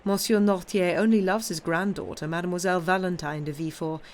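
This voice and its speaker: A woman reading aloud and voicing a scheming middle-aged stepmother who speaks in a smooth, ingratiating way. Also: lowish voice, steady tone, brisk, a little hiss or hum, lightly acted.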